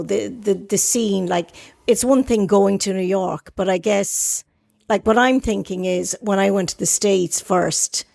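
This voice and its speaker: This is an Irish woman in her fifties hosting a casual podcast chat. Her voice has a gravelly, fry-tinged edge. She rambles warmly through her thoughts, full of fillers and restarts. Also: mid-range voice. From Ireland. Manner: chatty, rambling, many fillers. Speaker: podcast host. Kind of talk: casual conversation.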